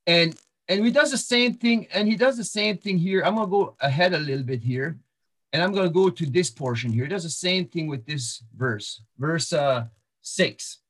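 Male preacher with a fairly high voice, teaching verse by verse, loose and halting. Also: fairly bright tone. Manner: walks through verses, repeats words and restarts, frequent fillers. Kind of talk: sermon-style Bible teaching.

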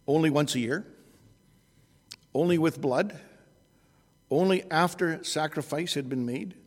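A man preaching an expository sermon at an unhurried pace, often restarting and correcting himself. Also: mid-range voice, big-room sound.

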